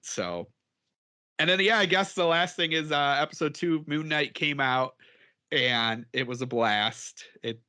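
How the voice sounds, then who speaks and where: Bright-voiced podcast guy, rambly and chatty, laughs a lot. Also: a little high, unhurried, clear, resonant tone. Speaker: podcast co-host. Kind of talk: casual chat.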